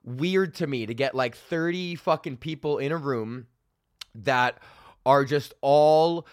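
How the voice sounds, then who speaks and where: A man's voice: mid-range voice, takes it slowly, dry recording. A young man hosting his podcast as a stand-up comedian, ranting in a loose, profane, rambling way full of fillers, into a studio mic on a stand. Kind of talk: casual ranting monologue.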